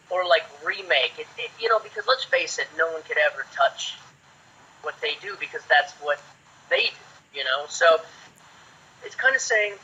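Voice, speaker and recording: Chatty guy in his 40s telling stories, really bright slightly high voice, kinda dull lo-fi audio. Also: breathy edge. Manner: lively, chatty, acts out quotes. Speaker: actor guest. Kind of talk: casual anecdote storytelling. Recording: dull lo-fi sound.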